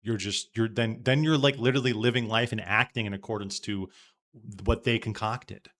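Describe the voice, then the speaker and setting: A man's voice: lowish voice, fairly even intonation, moderate pace, a bit bright. Musing male podcast host. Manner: musing, thinks aloud with many restarts. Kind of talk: casual live-stream commentary.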